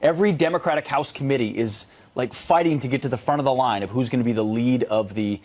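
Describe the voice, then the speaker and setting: A man co-hosting a morning news show, talking in an animated, emphatic way with lively banter. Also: medium pitch, fast talker.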